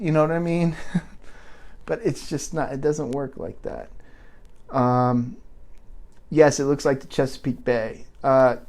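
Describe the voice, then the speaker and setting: Slow, rambling man on a livestream. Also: mid-range voice, a little mellow. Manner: rambling, with halting restarts; earnest, preachy pep talk. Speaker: livestream host reading viewer chat. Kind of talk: unscripted live commentary.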